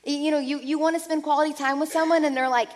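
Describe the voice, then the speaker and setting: A woman preaching a sermon earnestly, moving between lively passages and soft, hushed ones. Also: high voice, quick pace, in a large hall.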